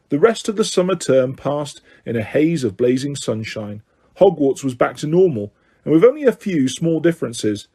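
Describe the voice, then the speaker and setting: A man narrating an audiobook in a steady reading voice. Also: a little high, normal speed, husky. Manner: steady reading, occasional self-corrections. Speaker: audiobook reader.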